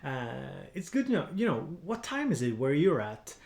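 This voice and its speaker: A man's voice: on the high side, big pitch swings, normal speed, creaky, darkish tone, echoey room. A man with a Swedish accent chatting casually on a music-production live stream, rambling with lots of fillers and restarts while he edits samples. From Sweden.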